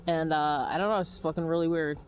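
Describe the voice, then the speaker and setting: A woman's voice: low-pitched, fairly even intonation, quick pace, darkish tone. Woman from california, rambling and freaked out, filming on her phone outside, some faint car noise. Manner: rambling, frightened, swears a lot. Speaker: vlogger. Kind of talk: anxious rambling phone vlog. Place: outdoors at a car wash at night. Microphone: phone held while talking.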